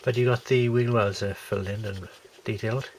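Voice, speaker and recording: With a slight hiss or hum in the background, a man with a lingering cold unboxes a model kit, his casual commentary meandering through many fillers and restarts. He reviews scale models, and his voice is on the low side, brisk, with fairly even intonation.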